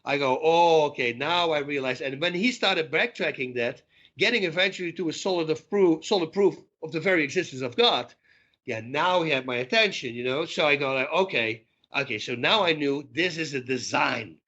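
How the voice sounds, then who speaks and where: Bright-voiced middle-aged man telling stories. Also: fairly high pitch, brisk, muffled recording. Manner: animated storyteller who acts out dialogue. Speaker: podcast guest. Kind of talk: storytelling interview talk.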